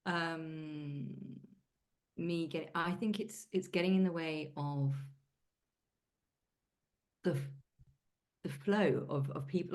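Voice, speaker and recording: A British woman with a low voice chats through a coaching session on a video call. She talks loosely and candidly, dropping casual British phrases and the odd swear. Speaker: coaching client.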